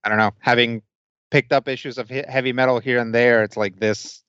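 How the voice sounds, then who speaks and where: A man on a podcast giving measured, hedging opinions in casual talk. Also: mid-range voice, steady tone, a bit bright, smooth, no echo. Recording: slightly dull lo-fi sound.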